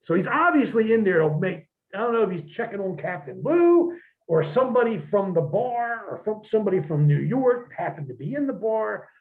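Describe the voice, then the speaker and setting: Man, gravelly, animated profane storyteller, tinny phone-like sound. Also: high voice, a little fast. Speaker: podcast host. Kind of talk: casual storytelling chat.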